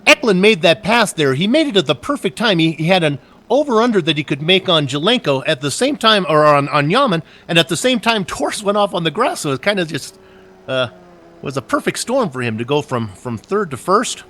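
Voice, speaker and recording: A man's voice: a little high, sing-song, fairly quick, fairly bright tone. A man doing casual, joking color commentary on a sim race, chatty and full of asides.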